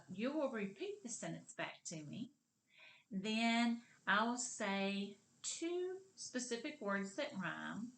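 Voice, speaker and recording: Slow, deliberate woman teaching kindergarten. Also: medium pitch, fairly bright tone. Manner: slow, deliberate, modeling words clearly for young learners. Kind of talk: kindergarten literacy lesson. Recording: roomy echo.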